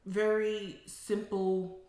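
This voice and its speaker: A middle-aged woman, a psychotherapist, telling a story in a casual monologue, emphatic and animated, building to forceful declarations. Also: mid-range voice, very slow. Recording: very echoey room.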